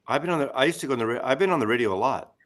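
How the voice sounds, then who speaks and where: An older man guest telling brisk, blunt stories, swearing freely. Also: mid-range voice, animated, a bit bright. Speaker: guest, former radio regular. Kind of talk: casual storytelling.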